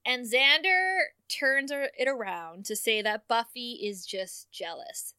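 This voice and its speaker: Bright female co-host, chatty recapper, dry close mic. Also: a little high, clear, resonant tone, dry recording. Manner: chatty, laughing, quick plot recapping. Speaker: podcast co-host. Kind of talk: casual recap chat.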